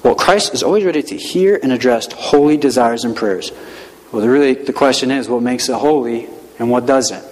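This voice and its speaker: A male pastor preaching a sermon in a relaxed, conversational way, with many rhetorical questions. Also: mid-range voice, moderate pace, long reverb tail, low-quality recording.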